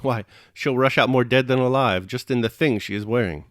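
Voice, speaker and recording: A man voicing a bold, scheming nobleman in an audiobook, brisk and commanding. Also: mid-range voice, no echo, clean studio sound, close to an everyday voice. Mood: knowing.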